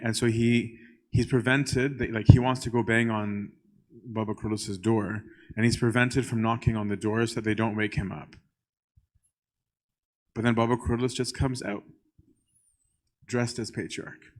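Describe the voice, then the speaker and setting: A man, a priest, telling a church story in a conversational way, often checking in with the listeners and pausing on "um". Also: lowish voice, darkish tone. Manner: conversational, keeps checking in with "right?"; frequent filler "um".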